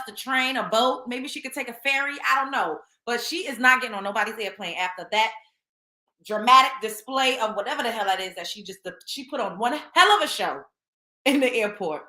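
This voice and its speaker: A woman hosting a casual commentary show, animated and slangy, laughing often. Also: fairly high pitch, fairly quick, echoey room. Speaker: show host.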